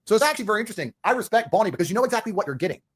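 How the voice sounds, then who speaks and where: A man's voice: sits high, big pitch swings, rapid-fire, a bit bright, husky. A man ranting in a heated interview, profane and repetitive, hammering his points with declarations. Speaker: interview guest.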